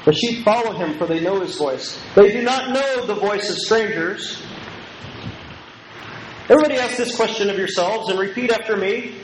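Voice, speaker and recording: A man's voice: sits high, normal speed, a crowd in the background. A man preaching an emphatic, repetitive Bible lecture and leading call-and-response with his listeners. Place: lecture hall. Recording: echoey room with faint noise.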